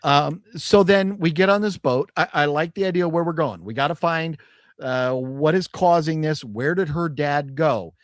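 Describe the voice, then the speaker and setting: Speaking at a moderate pace in a voice on the high side, a male podcast co-host chats casually about a movie, with rambling restarts and laughs. Studio quality, no echo.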